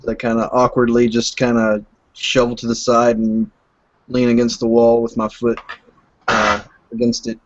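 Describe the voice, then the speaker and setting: A man playing a tabletop game, in a relaxed, joking way. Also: medium pitch, moderate pace, lo-fi sound, a little hiss or hum. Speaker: player. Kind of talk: casual tabletop play.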